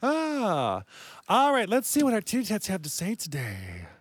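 A man's voice: high voice, huge pitch swings, unhurried, no room sound. A man hosting a comedy chat show as a drag queen, campy and playful, laughing often. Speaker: podcast host in drag.

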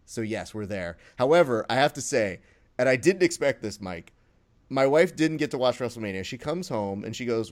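A man co-hosting a casual wrestling podcast, animated and profane, acting out quotes as he talks. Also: mid-range voice, brisk. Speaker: podcast co-host.

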